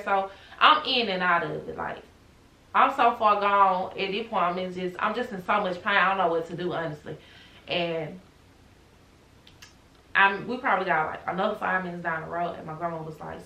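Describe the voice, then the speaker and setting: A young woman vlogging, retelling a personal story with animated emotion. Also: mid-range voice, a little slow, gravelly, reverberant, rough recording.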